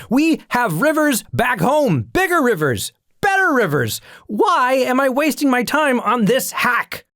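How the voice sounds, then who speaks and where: A man's voice: high-pitched, fairly bright tone, no echo, studio quality, pitched above the performer's own voice, full character voice. A man ranting as a furious proud army commander. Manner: ranting, indignant, scornful.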